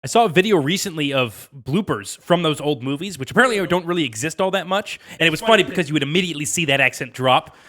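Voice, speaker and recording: A man co-hosting a casual podcast, explaining things in a brisk, plain way with small fillers. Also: fairly high pitch, lively intonation, a bit bright. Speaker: podcast co-host. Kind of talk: casual chat.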